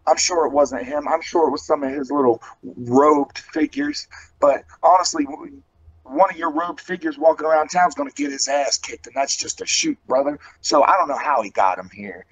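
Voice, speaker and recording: Husky west virginia wrestler guy cutting a promo, folksy, calls everyone brother, kinda dull lo-fi sound. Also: on the high side, animated, normal speed. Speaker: pro wrestler. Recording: dull lo-fi audio.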